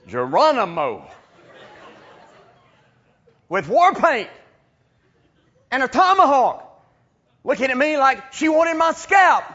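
A man preaching, telling a comic story in a sermon. His voice sits high and sounds bright and sharp, and he jumps between loud bursts and hushed asides. The recording is a little muffled.

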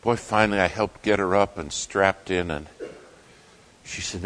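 A man preaching a sermon, telling a story with dramatic swings between loud and hushed. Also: low-pitched, unhurried, long pauses.

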